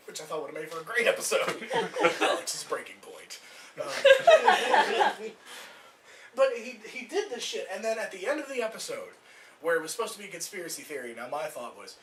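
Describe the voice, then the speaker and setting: A man's voice: high voice, wildly swooping pitch, moderate pace, far from the mic, a crowd in the background. A man performing a stand-up comedy set, rambling loosely, swearing and acting out voices. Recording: echoey room recorded from afar.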